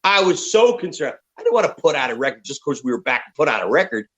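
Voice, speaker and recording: Animated, foul-mouthed rock musician. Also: male voice, fairly high pitch, fast, dull audio. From United States. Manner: profane, animated storyteller. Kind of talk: candid interview storytelling.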